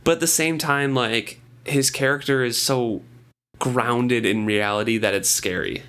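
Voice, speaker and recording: A man co-hosting a casual book discussion podcast, animated and laughing, with plenty of filler words. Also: medium pitch, a little slow. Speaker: podcast co-host.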